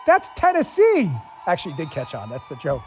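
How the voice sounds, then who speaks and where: A man's voice: fairly high pitch, huge pitch swings, fairly quick, soft background music. A man hosting a political talk show, delivering a sarcastic, combative monologue and swearing freely. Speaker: show host.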